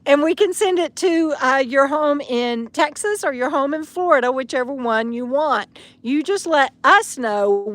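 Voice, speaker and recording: A chatty woman with a fairly high voice hosts a casual live stream from an outdoor campsite. She reads viewer comments aloud one after another, pausing often with ums and uhs. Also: a bit bright, dry recording. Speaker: vlogger answering live chat.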